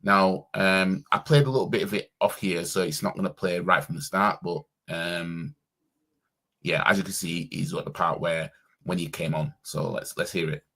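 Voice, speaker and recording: A man's voice: low-pitched, steady tone, normal speed, sharp tone. A man reacting casually on a stream as a football fan, with a slangy, stumbling way of talking.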